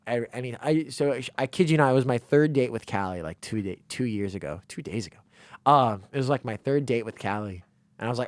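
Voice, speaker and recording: Excitable young man chatting on college radio. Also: mid-range voice, fairly quick, no room sound. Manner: excitable, rambling, animated storytelling. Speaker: radio show co-host. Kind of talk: casual chat. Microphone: studio microphone.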